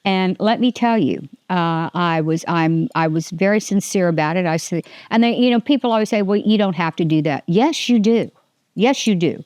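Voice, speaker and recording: A woman's voice: lowish voice, brisk, few pauses, darkish tone, clean tone, dry recording, studio quality. An older woman hosting a casual faith podcast, rambling and restarting her sentences, often laughing. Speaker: podcast host.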